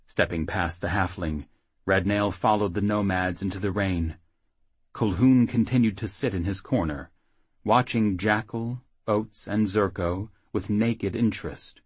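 A man narrates a fantasy audiobook in a steady, even read. His voice is very low and husky. The sound is close and dry, with no room at all. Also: a little slow, no room sound.

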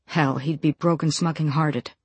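An audiobook narrator reading a novel in a measured, even storytelling voice. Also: medium pitch, husky, no echo. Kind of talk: scripted narration.

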